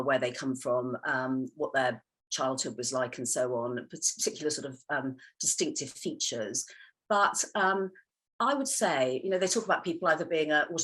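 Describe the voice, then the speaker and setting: A woman talks about her writing in a relaxed interview, with a husky, breathy edge to her voice. She rambles warmly through hesitations and frequent laughs, in a low register. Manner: chatty, hesitant with many ums, laughs often. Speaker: novelist guest. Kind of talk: casual interview chat.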